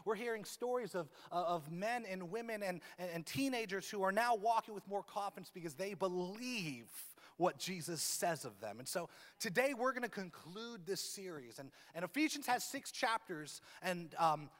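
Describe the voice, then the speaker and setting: A man's voice: sits high, expressive, moderate pace, a bit bright. A man in his thirties, a pastor, preaching a sermon in a church with a humorous, self-deprecating manner. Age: 30s. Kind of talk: sermon with opening prayer. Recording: long reverb of a large church hall.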